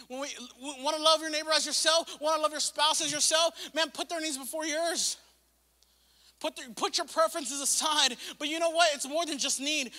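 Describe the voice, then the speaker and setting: Man preaching, very high voice, bright cutting tone, long hall reverb, impassioned and casual. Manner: impassioned, rising and falling preaching with repetition; casual slang and asides. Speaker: pastor. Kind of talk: sermon. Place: church sanctuary.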